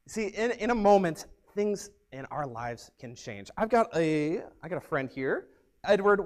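A young man preaching as a youth pastor, telling stories in an upbeat, energetic way. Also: a little high. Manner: upbeat, energetic, animated storyteller. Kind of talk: youth sermon with storytelling.

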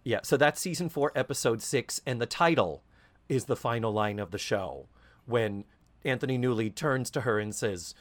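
A man co-hosting a podcast in casual chat, an animated storyteller who swears freely. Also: medium pitch, moderate pace. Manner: animated storyteller, swearing, slips into mock Cockney quotes. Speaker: podcast co-host.

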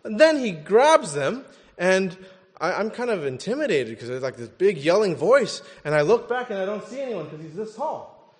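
A man preaching a sermon in an animated, conversational way, often checking in with "right?". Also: sits high, normal speed, slightly rough, in a large hall. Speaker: pastor.

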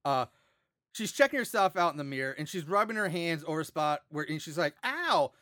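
A man co-hosting a casual horror movie podcast, retelling the plot in an animated, profane way. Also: fairly high pitch, fast, no echo, clean studio sound. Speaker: podcast co-host. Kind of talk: casual movie recap chat.

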